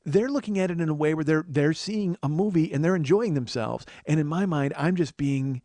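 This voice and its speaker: A man's voice: on the high side, fairly quick, dark tone, no echo. A middle-aged man telling a comic story as a podcast host, ranting with frequent swearing and exasperation. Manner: profane, exasperated rant. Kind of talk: storytelling monologue.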